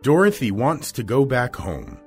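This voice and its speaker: A man's voice: mid-range voice, wildly swooping pitch, measured pace, slightly rough, faint music behind. A man narrating a children's storybook chapter aloud, reading expressively.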